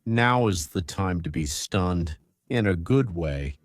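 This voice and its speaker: A man delivers opinionated commentary in a blunt, sarcastic way. His voice sits low, and the recording is dry and close. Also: animated, takes it slowly, dry recording. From Russia.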